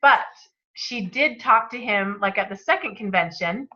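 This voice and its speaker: A woman's voice: medium pitch, lively intonation, measured pace, sharp tone, highs cut off. A woman hosting a book club, reading passages aloud and commenting with enthusiastic, motivational energy.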